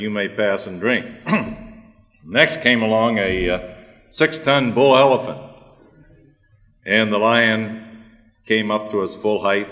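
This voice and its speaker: Measured man speaking in a reverberant hall. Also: fairly low pitch, fairly bright tone. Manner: measured, with fillers and throat clearing. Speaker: conference speaker. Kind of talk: prepared conference talk with a joke. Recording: reverberant hall, archive recording.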